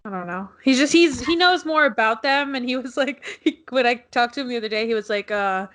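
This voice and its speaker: A woman's voice: on the high side, brisk, fairly bright tone. A young woman co-hosting a podcast, chatting casually, teasing and laughing often. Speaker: co-host.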